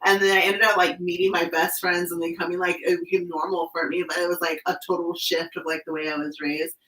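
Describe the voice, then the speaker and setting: A woman's voice: fairly low pitch, little pitch movement, fast talker, a bit bright. A woman from California hosting a casual skate chat, upbeat and full of "like". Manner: chatty, upbeat, says "like" constantly. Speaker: skate channel host. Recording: roomy sound, distant from the mic.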